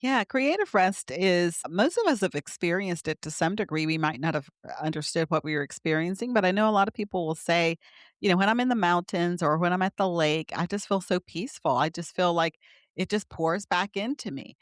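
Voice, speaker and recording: A woman's voice: on the low side, expressive, fairly quick, no room sound, studio quality. A middle-aged woman, a physician guest, explaining ideas earnestly in conversation with light laughs. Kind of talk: conversational interview.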